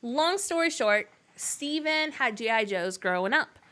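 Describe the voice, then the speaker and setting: A woman's voice: fairly high pitch, animated, unhurried, pushed and bright. A young woman, chatting casually on a game stream and telling family stories between laughs. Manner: chatty, laughing often, many fillers.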